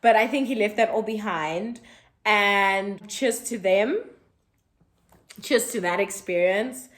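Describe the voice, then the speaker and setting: A woman in her twenties with a South African accent, telling a personal story in a chatty, animated way and acting out the dialogue. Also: mid-range voice, slow. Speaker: vlogger. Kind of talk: storytime vlog.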